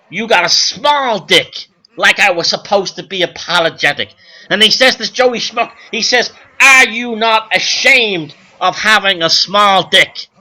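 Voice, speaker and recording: A man playing a sleazy, brash male nightclub comedian who works a crowd with crude, shouty patter. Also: high voice, voice pushed up, heavily acted.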